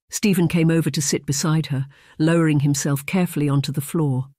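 A man narrating a novel in a measured, even reading. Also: on the high side, no room sound, studio quality. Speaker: audiobook narrator. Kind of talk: scripted narration.

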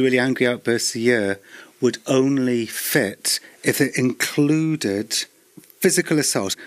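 A middle-aged man presenting a radio programme, curious and reading out diagnostic criteria. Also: medium pitch. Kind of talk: interviewing.

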